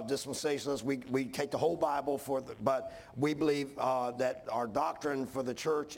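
A man preaching a sermon in a folksy style, building to fervent intensity. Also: mid-range voice.

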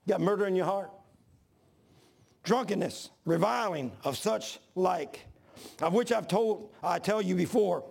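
Man, pastor, sermon, gravelly, husky, repeats lines, builds to shouting. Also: high-pitched, a little slow. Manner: storytelling preacher, repeats phrases, rises to shouts.

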